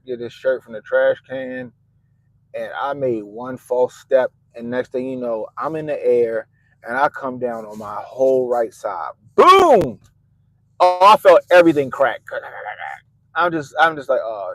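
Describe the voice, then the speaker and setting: A middle-aged man on a podcast, telling a story in an animated, profane way and laughing at himself. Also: medium pitch, no room sound, poor audio. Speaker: podcast host. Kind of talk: casual storytelling.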